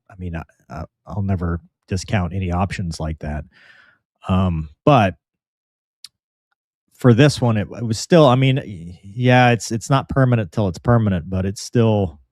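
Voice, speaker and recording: A man co-hosting a casual live talk show, reading viewer comments and reflecting in a halting way with frequent restarts. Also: on the low side, a little mellow, dry recording, studio quality. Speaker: co-host reading viewer chat.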